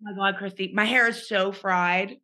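A middle-aged woman co-hosting a chatty podcast over a video call. Her voice is bright and clear. She tells stories with animation and plays out the voices of people she quotes. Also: mid-range voice, fairly even intonation, normal speed. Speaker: podcast co-host. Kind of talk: casual storytelling chat.

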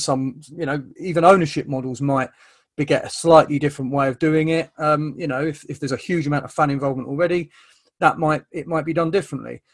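A man hosting an interview, talking thoughtfully with many ums and stammered restarts. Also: fairly high pitch. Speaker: interviewer, host. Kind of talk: conversational interview.

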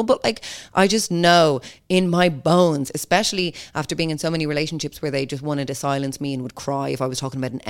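A young Irish woman talks straight at the mic on her own podcast. Her voice sits low, and she is blunt and lively, swearing freely as she goes. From Ireland. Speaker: podcast host. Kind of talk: casual monologue.

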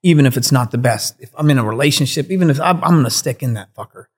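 A man talking openly as a guest, his voice sitting at an ordinary middle pitch. He is earnest and reflective, and he drops the odd curse word along the way. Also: animated, fast talker, breathy edge. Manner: reflective, earnest, swears casually. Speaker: guest, cannabis breeder. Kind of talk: candid conversational storytelling.

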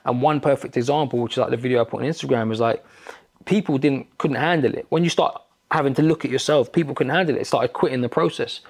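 A man's voice: medium pitch, fast talker, a little mellow. A middle-aged man with a London accent, a podcast guest telling stories bluntly and swearing often. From England. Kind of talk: casual chat.

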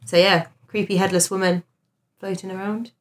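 A woman co-hosts a relaxed podcast, reading spooky old tales with dramatic stress on key words. She drifts easily into chat and giggles, her pitch sitting in a middle register. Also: moderate pace. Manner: chatty, giggly, reads with dramatic emphasis. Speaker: podcast co-host. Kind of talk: casual chat, reading ghost stories aloud.

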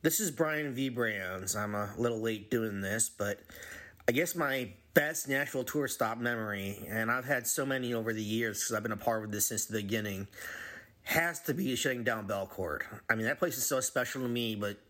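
A man in his forties giving an earnest, halting recorded message about a favorite memory as a longtime member of a music community. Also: medium pitch, fairly bright tone. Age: 40s.

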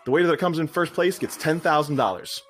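A man playing a blustering, loud male restaurant boss in a comedic scene reading, bullying and rhyming taunts at a waiter. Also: fairly high pitch, quick pace, faint music behind, close to an everyday voice.

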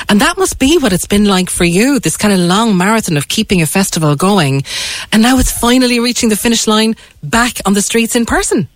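A woman's voice: fairly low pitch, no room sound. A woman hosting a local radio show, enthusiastic and gushing as she talks to listeners and guests. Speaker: radio host. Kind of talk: bright local radio presenting. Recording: dry studio sound.

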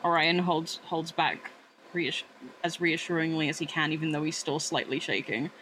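A man's voice: a little high, level tone, moderate pace, sharp tone, low-quality recording. A man narrating his character's actions in a tabletop role-play game, rambling and hesitant with many fillers. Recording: faint background noise.

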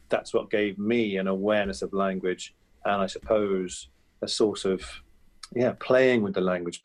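A man in his fifties, a comedian talking as an interview guest, chatty and anecdotal, with frequent fillers and restarts. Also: lowish voice. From England. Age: 50s. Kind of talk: reflective interview talk.

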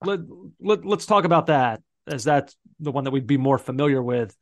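A man co-hosting a casual sports podcast, with a dry, deadpan, teasing humor. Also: mid-range voice, moderate pace, dry recording, muffled recording. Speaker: podcast co-host.

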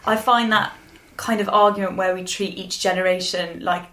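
A woman's voice: medium pitch, fairly even intonation, normal speed, bright, forceful tone. A woman co-hosting a chat podcast. She talks eagerly and chattily and laughs often. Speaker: podcast co-host. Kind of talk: casual chat.

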